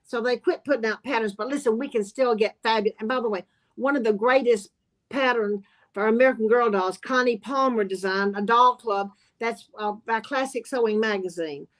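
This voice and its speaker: A woman's voice: a little high, moderate pace. A woman, chatting in a folksy way and calling people honey and y'all. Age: 80s. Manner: warm folksy Southern talk, says y'all and honey. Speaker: sewing guest. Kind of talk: casual chat.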